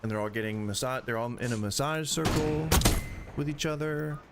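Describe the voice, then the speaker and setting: Over loud music, a man streaming a shooter game chats casually, rambling and joking while interrupting himself. His voice is medium-pitched with a moderate pace.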